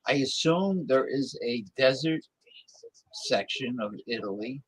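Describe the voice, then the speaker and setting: A man's voice: mid-range voice, animated, unhurried, breathy edge, no room sound, low-quality recording. A man hosting a casual talk show, rambling and sometimes losing his train of thought. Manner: loud playful calls to listeners. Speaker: show host. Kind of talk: casual chat.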